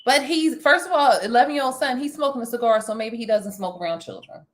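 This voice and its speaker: A woman hosting a casual chat, animated and talkative, laughing often. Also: on the high side, fast, a little hiss or hum. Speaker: vlog host.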